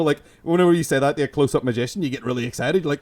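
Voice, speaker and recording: A man's voice: mid-range voice, lively intonation, very fast, few pauses, a little mellow. Rambling Belfast man, co-host. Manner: rambling, self-interrupting, giggly. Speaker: podcast co-host. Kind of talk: comedic improvised sketch chat.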